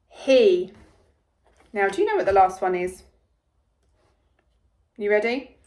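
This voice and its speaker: Slow, encouraging woman teaching phonics. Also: mid-range voice, a little mellow. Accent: English. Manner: slow, encouraging, sounds out letters clearly. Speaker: primary school teacher. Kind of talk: phonics lesson for young children.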